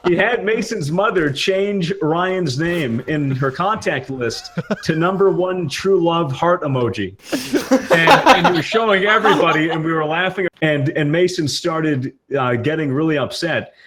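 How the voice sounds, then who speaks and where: A man's voice: a little high, measured pace, fairly bright tone, a little hiss or hum. A young man telling a story in a casual chat with friends, laughing often as he talks. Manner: laughs often while talking. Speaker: gaming podcaster.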